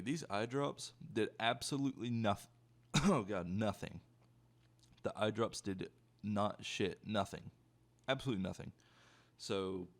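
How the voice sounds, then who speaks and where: Gravelly young guy telling a story. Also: fairly low pitch. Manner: profane, rambling, animated storytelling. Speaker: YouTuber. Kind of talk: casual storytime.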